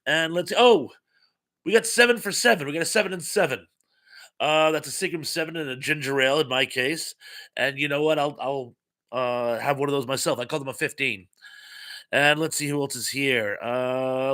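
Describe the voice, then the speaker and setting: A man's voice: on the high side, expressive, fairly quick, pushed and bright. A man hosting a casual live stream, greeting viewers and reading their comments aloud in a rambling, chatty way with many fillers and playful asides. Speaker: livestream host. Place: home room with some echo. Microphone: streaming mic without headphones.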